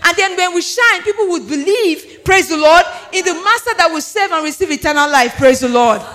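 High, bright-voiced shouting preacher. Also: male voice, lively intonation, fairly quick. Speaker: pastor. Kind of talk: shouted charismatic sermon. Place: church before a congregation.

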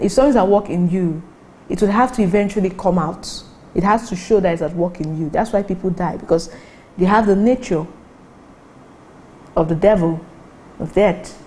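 Woman preacher, mellow and warm, teaching scripture with animated, pitch-jumping emphasis. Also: a little hiss or hum, rough recording. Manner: animated, rising sharply in pitch for emphasis, asks listeners if they follow. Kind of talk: sermon teaching from the Bible.

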